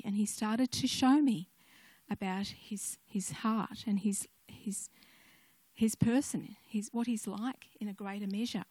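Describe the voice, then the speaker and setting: Older woman telling church stories, chatty and gentle, dry recording, no room echo. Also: medium pitch, fairly even intonation, unhurried. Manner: gentle storytelling, conversational asides. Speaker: speaker sharing a devotional message. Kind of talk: personal testimony sermon.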